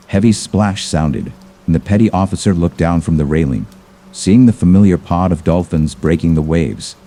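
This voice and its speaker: A man narrating a scripted horror story in a measured, ominous manner. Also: a bass voice, warm tone.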